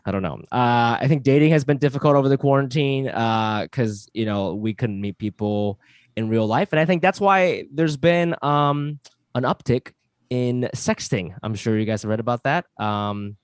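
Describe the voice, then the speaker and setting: A man's voice: medium pitch, moderate pace, smooth, no echo. Chatty stand-up comedian man in his thirties. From New York. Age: 30s. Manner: chatty, rambling, self-deprecating with filler words. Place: home, online show.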